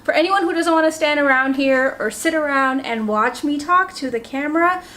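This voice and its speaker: A woman's voice: high-pitched, normal speed, bright, forceful tone. A young woman with an Indian accent, chatting casually to the camera while cooking in her home kitchen, self-deprecating and talkative. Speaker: home cook vlogger.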